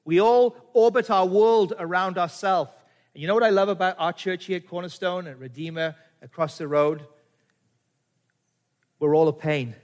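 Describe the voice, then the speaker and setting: Middle-aged male pastor, high voice, conversational sermon full of rhetorical questions, long church-hall reverb. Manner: conversational, asks the congregation many rhetorical questions.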